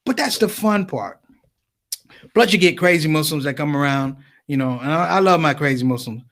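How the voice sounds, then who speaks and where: A man's voice: fairly high pitch, moderate pace. A man telling funny personal stories in a stand-up set at a conference, acting out the dialogue with lots of repetition. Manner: animated storytelling, acting out dialogue, repeated phrases. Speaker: comedian.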